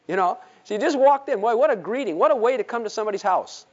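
Preacher, male, lively pulpit delivery, muffled lo-fi church recording. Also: high voice, fast talker, few pauses. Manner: animated, rhetorical questions, acts out Bible quotes. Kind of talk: sermon. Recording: dull lo-fi sermon recording.

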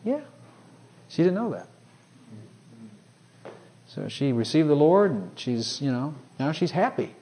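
A man preaching a sermon, swinging from hushed, personal asides to loud, ringing scripture quotes. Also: on the high side, sing-song, slow pace, long pauses.

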